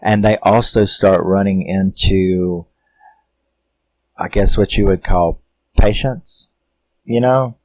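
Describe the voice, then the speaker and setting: A man's voice: low-pitched, steady tone, slow, long pauses, darkish tone, low-quality recording. A man casually recapping a horror movie, rambling and swearing as he tells the story. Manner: rambling, profane, laid-back storytelling. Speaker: film reviewer.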